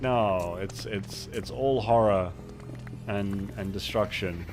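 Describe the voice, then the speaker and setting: A man's voice: on the low side, slow, a little mellow, faint music behind. A man streaming a game, chatting casually, rambling and mocking himself while reading chat aloud into a desk microphone.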